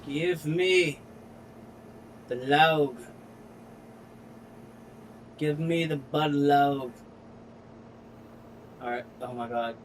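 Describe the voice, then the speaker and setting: A man's voice: fairly high pitch, fairly even intonation, slight background noise. A man narrating his own gameplay in casual commentary, frustrated and swearing freely as he talks himself through each step. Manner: frustrated, swears a lot, slow drawl. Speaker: gaming streamer.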